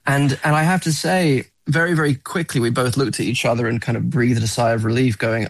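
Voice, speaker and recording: A man's voice: mid-range voice, fairly even intonation, a little fast, few pauses, faint music behind, poor audio. A man, a film actor, talking earnestly in a radio interview, often repeating words as he searches for them.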